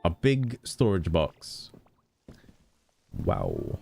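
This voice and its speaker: A young man giving casual gameplay commentary as a streamer, chatty and swearing freely with quick exclamations. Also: deep voice, wildly swooping pitch, vocal fry, darkish tone, soft background music. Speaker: vtuber streamer.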